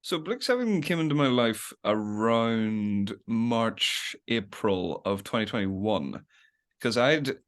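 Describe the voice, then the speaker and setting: A man's voice: fairly low pitch, animated, takes it slowly. Rambling young man, laughing a lot. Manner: rambling, laughs often, acts out quotes. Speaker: podcast guest, web series creator. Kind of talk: casual podcast interview.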